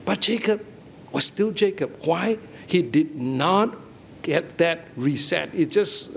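Middle-aged male preacher, high voice, emphatic, checks in with congregation. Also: lively intonation, slow pace, creaky, a bit bright, a little hiss or hum. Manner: emphatic, asks listeners questions often. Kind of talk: sermon.

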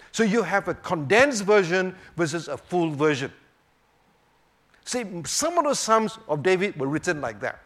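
A man teaching a sermon on the Psalms, swinging between emphatic rhetorical questions and hushed, quiet moments. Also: a little high. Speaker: preacher.

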